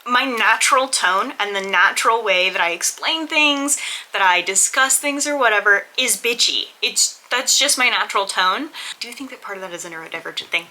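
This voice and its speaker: Woman vlogger, very bright tone, candid and rambling, casual chat to camera. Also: fairly high pitch, rough recording. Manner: candid, rambling, self-deprecating.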